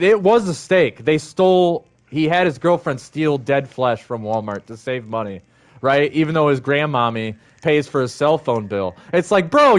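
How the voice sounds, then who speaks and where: A man ranting angrily on his livestream, heated and profane, circling back to the same points. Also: a little high. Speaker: livestream host. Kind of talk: angry ranting monologue.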